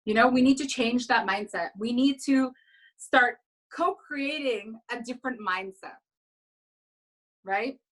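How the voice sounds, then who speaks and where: Caribbean-heritage woman giving an upbeat motivational talk, unhurried, has listeners repeat after her. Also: fairly high pitch, poor audio. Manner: energetic, coaching the audience to repeat after her. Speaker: speaker at an online women's event. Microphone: video call.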